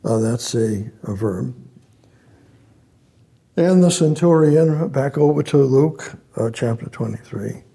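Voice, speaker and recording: A male preacher delivers a sermon at an unhurried pace, often repeating words as he reads and explains scripture. His voice is low in tone, gravelly and husky. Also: mellow. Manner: slow, repeating phrases, reading scripture aloud.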